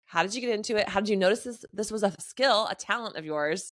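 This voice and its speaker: A woman's voice: medium pitch, no echo. Chatty woman co-host, dry close voice. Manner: chatty, encouraging, quick affirmations. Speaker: podcast co-host. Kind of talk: casual podcast chat.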